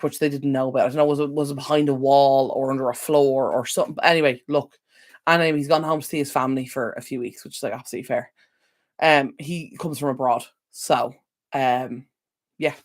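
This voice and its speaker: An Irish woman hosting a casual live stream from home, chatting to viewers by name with lots of ums. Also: low voice. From Ireland. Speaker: livestream host. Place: indoor home room near a window.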